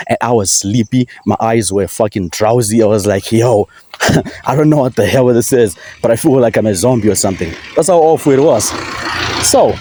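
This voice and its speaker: A man's voice: medium pitch, dark tone, no room sound. Rambling young man ranting about wrestling. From Africa. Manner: rambling, profane, laughs often. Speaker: wrestling commentator vlogger. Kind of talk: casual solo rant.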